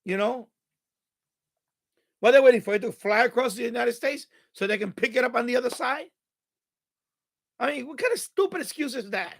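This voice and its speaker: Male live-streamer, exasperated and profane, very high pitch, casual rant. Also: lively intonation, normal speed, creaky, long pauses, fairly bright tone. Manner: exasperated, swears freely. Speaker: radio hobbyist live-streamer. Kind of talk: ranting live-stream chat.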